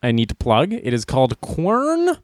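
A young man hosting a comedy news show, joking and rambling through stories with quick asides. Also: mid-range voice, huge pitch swings, no room sound, studio quality. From Boston area. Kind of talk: casual comedic news commentary.

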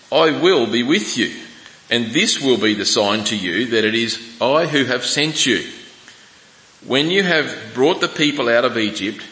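A man preaching a sermon in a church, his voice bright and forceful. He reads scripture slowly and breaks off with restarts and asides. The sound rings out with the long, echoing reverb of a large hall. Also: mid-range voice. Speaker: pastor.

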